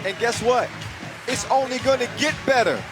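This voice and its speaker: A man doing live play-by-play commentary, hyped and shouting his calls, out of breath after a long day. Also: very high-pitched, moderate pace. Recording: loud music and crowd behind.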